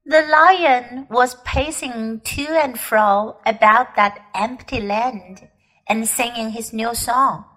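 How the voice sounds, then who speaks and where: Slow, high-voiced woman reading a story. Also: poor audio. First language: Chinese. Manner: slow, careful, expressive reading. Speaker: English reading teacher. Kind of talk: storybook read-aloud narration.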